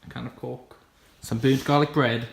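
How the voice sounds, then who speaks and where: A woman's voice: very deep voice, fairly even intonation, normal speed, gravelly. A woman chatting casually and chuckling during a challenge video. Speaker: challenge player. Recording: roomy, distant, noisy.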